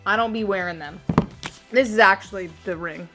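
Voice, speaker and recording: Over music, a young woman with a medium-pitched voice vlogs at a normal speed. Her casual, bubbly chatter leans heavily on "like," and the video moves from her home to a gym.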